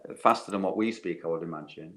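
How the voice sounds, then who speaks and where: Laid-back low-voiced man. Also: fast, fairly bright tone. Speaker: panel guest. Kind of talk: casual chat.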